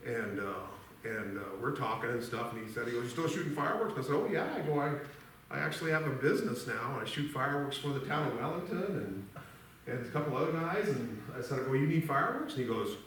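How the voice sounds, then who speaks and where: A man's voice: mid-range voice, lively intonation, fast, a bit bright, far from the mic, slight background noise. Man telling a rambling story in an echoey church. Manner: rambling, folksy, laughs through his story. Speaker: eulogy speaker. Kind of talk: storytelling at a memorial service. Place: church hall. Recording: echoey church hall from afar.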